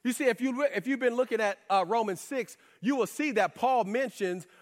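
A man preaching a sermon in a lively, conversational way with casual slang asides. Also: extremely high pitch, fairly quick. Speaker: pastor. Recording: reverberant hall.

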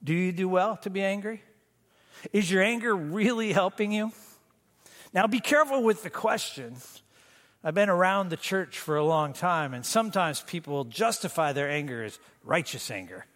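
A man preaching a sermon as pastor, moving between emphatic bursts and hushed, slow lines. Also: high voice, expressive. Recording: long reverb of a church hall.

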